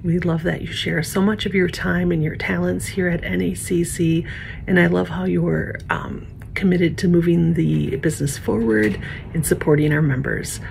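Woman doing a cheery playful tribute, gravelly voice, some rumble. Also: fairly even intonation, moderate pace, a little mellow. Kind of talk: recorded tribute message.

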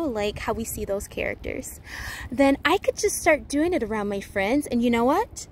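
A woman giving a casual spiritual talk, rambling with many fillers and restarts, playful and animated. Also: fairly high pitch, moderate pace, a little hiss or hum. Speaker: spiritual teacher.

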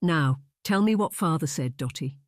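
A woman narrator voicing a spirited, gentle young woman who soothes her sister, in an audiobook reading. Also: deep voice, expressive, normal speed, no echo, clean studio sound. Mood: soothing. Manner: gentle, then indignant.

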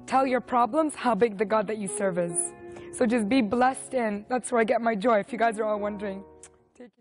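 High-voiced young woman sharing her testimony. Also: normal speed, soft background music. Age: 20s. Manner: earnest, emotional storytelling. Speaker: testimony speaker. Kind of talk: personal faith testimony.

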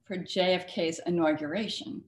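A woman's voice: on the low side, steady tone, moderate pace. A woman author and cartoonist being interviewed on a talk show, talking emphatically with a storyteller's flair. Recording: echoey studio room.

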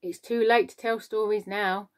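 A woman's voice: medium pitch, fairly even intonation, normal speed, lightly acted. A woman voicing an old, dignified male grasshopper with a scornful manner in a storybook reading.

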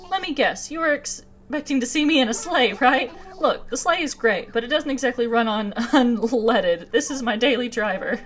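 Cheery male game reindeer, read out by a woman, light and high, faint music behind. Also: lively intonation, moderate pace, hardly any pauses, natural voice. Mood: friendly. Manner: reading game dialogue aloud, bright.

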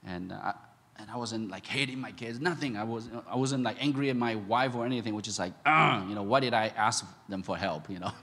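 A man preaching a sermon as a pastor, telling a personal story with laughter, swinging from loud shouts to hushed, quiet moments. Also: lowish voice, fairly quick, long reverb tail, slight background noise. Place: large church hall.

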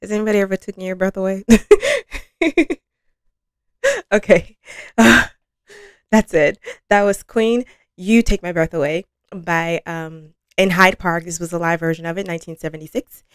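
A woman's voice: lowish voice, steady tone, normal speed, clear, resonant tone, dry recording, studio quality. A woman hosting a music reaction video, gushing and giggling as she chats to her viewers. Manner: effusive and giggly, talks to viewers. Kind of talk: casual reaction chat.

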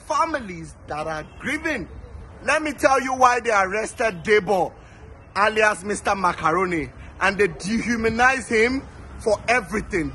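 Fiery high-voiced Nigerian man. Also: expressive, moderate pace, bright, forceful tone, slight background noise, rough recording. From Lagos, Nigeria. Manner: angry, fiery, swears often, repeats words. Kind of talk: impassioned protest address.

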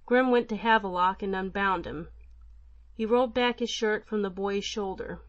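A woman's voice: mid-range voice, normal speed, dry recording. Woman reading an old tale, muffled sound. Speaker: audiobook narrator. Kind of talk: scripted narration of a folk tale.

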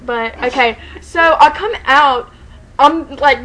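A woman telling a story to the camera in a casual vlog, excited and rambling, saying "like" constantly and laughing often. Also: sits high, slow, rough recording. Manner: excited, rambling, heavy use of "like", frequent laughter.

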